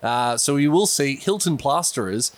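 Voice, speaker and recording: A man's voice: mid-range voice, expressive, normal speed. A man doing casual, chatty co-commentary on a simulated cricket match. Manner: loose and chatty, with fillers and laughs.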